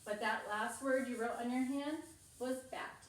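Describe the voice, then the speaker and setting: A woman teaching a reading lesson to young children at home, upbeat and encouraging, speaking slowly and clearly. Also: on the high side, steady tone, roomy sound, recorded from a distance, poor audio.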